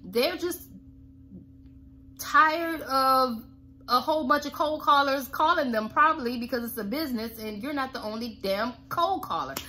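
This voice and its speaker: A woman's voice: sits high, normal speed, sharp tone. A woman who owns a cleaning business, giving blunt, sassy, folksy coaching tips to camera.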